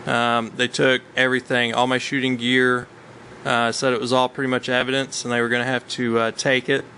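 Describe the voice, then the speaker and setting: Guy telling a hunting story, lots of ums, kinda punchy bright voice. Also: medium pitch, completely flat delivery, a little fast, slight background noise, poor audio. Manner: rambling, with many ums and uhs. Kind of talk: casual storytelling chat.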